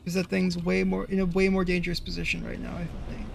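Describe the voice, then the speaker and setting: Man, game streamer, high gravelly voice, rambling and cursing, light background hiss. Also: flat delivery, fast. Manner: rambling, swears, talks to himself while playing. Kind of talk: live gameplay commentary.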